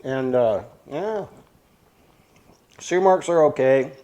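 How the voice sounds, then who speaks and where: A man's voice: mid-range voice, slow, mellow. A man hosting a casual cooking vlog, talking plainly and thinking aloud as he goes. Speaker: cooking channel host.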